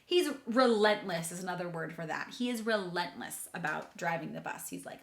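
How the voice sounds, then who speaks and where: A woman's voice: fairly low pitch, animated, moderate pace, creaky. A woman teacher giving a chatty, enthusiastic reading lesson to children, talking to them directly. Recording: echoey room.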